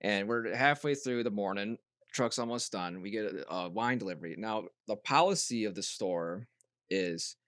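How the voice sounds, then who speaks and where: A young man co-hosting a casual podcast, telling a rambling story full of restarts and loud mimicked voices. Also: fairly low pitch, moderate pace, no echo, clean studio sound. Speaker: podcast co-host. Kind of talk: casual chat.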